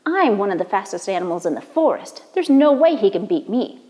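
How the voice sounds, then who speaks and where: A woman's voice: medium pitch, big pitch swings, fairly quick, dark tone, in a large hall, close to an everyday voice. A woman voicing a boastful young male fox, indignant and incredulous, in a told folk tale.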